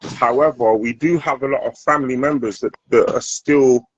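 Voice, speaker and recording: A man with a husky, grainy voice leads a casual conversation, pressing his questions earnestly and with emphasis. The sound is dull and lo-fi, with a dry, close feel and no room echo. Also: mid-range voice, fairly even intonation, moderate pace. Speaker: host. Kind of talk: casual discussion.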